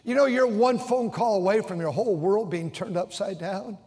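An older pastor preaches a sermon from the pulpit of a large church auditorium, his voice high for a man and a little mellow, at a moderate pace. Full of emotion, he repeats himself and stumbles into restarted phrases, and a long, ringing reverb wraps each word.

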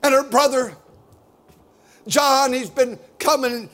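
A middle-aged man preaching a fiery sermon as pastor, loud and boisterous, building to shouts. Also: very high-pitched, fairly even intonation, slow pace.

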